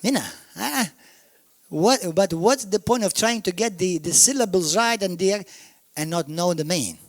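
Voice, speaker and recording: A man with a Maltese accent preaching a sermon, emphatic, swinging from shouts down to murmurs. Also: high-pitched, normal speed, dry recording. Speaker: pastor. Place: church.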